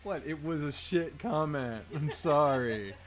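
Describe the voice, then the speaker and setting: A man's voice: fairly high pitch, a little slow. A man casually commenting on a game during a live stream, joking, laughing and swearing freely.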